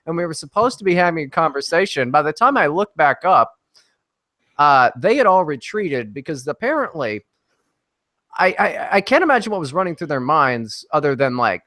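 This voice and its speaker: A man with a fairly high voice tells a story as a guest on a casual podcast. He is brash and foul-mouthed and tells it with lots of energy. The sound is dry, with almost no room in it. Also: brisk, dry recording. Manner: brash, profane, animated anecdotes.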